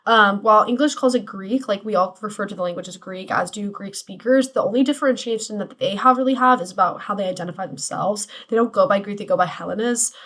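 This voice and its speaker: A woman's voice: medium pitch, fairly bright tone. A young woman giving a casual class presentation, full of "like" and "um" fillers. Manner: casual, filler-heavy, lots of "like" and "um". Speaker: student presenter.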